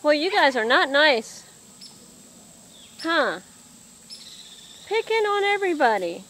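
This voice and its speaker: A woman's voice: high voice, big pitch swings, slow pace, fairly bright tone. A woman filming her pet chickens and talking to them in a coaxing, sing-song pet voice on a handheld camera mic. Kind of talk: casual home video talk to animals. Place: chicken coop, outdoors. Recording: noisy farmyard with clucking chickens.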